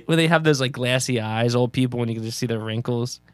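A man's voice: medium pitch, moderate pace, no echo, faint music behind. Easygoing man with a mid-range voice. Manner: easygoing, laughs often. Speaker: podcast co-host. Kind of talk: casual chat.

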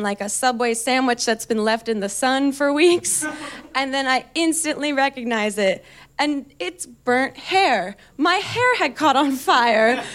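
A young woman doing stand-up, telling a chatty, self-mocking story and laughing through her lines. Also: high-pitched. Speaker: stand-up comedian.

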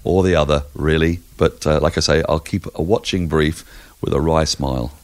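A man with a very deep voice chats as a podcast guest, wry and articulate, with bursts of energy. The recording is dry and close to the mic. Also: fairly even intonation, moderate pace, dry recording. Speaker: guest cricket commentator. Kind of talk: conversational podcast chat.

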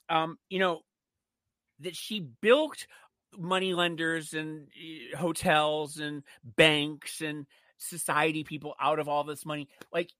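A man co-hosting a casual chat, telling stories in an animated, emphatic way. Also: a little high, no room sound. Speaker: co-host.

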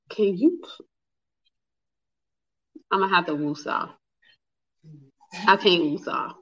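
A flustered woman chatting live with her viewers, her voice bright and forceful. The sound is a little dull and lo-fi. She talks casually and addresses everyone as y'all. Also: medium pitch, big pitch swings, drawn-out words, pauses often. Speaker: livestream host.

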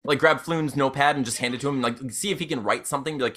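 A man's voice: medium pitch, racing, bright, forceful tone. A man chatting as a player in a tabletop game, laughing often. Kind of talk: casual tabletop game play.

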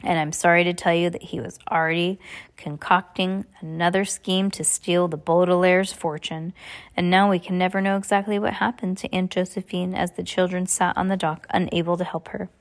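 Casual woman reader, lowish voice, chapter read-aloud. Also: little pitch movement, moderate pace. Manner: casual, stumbles and self-corrects, comments aside. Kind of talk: reading a novel aloud.

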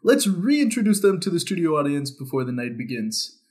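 A man plays a cheesy talent show host introducing contestants in an announcer manner. The voice sits a little higher than most men's, and the reading stays quick and plain. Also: very animated, darkish tone. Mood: announcing.

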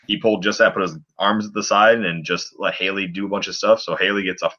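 A man's voice: low voice, fairly even intonation, quick pace, sharp tone, lo-fi sound. A man on a casual sports podcast, recapping a game in a rambling way with lots of fillers. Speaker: podcast co-host.

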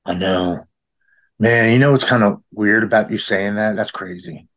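A man in his forties with a fairly low voice tells a personal story in casual conversation. He acts out each person he quotes by lifting his voice, and often stops to restart a sentence. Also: moderate pace, a bit bright. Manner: storytelling, quotes others in a raised voice. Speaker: guest in recovery.

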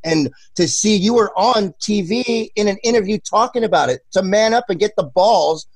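A middle-aged man hosting a podcast, telling rowdy, profane stories in casual chat and acting out quotes loudly. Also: high voice, moderate pace, husky, no echo. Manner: profane, loud, storytelling with acted-out quotes. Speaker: podcast host.

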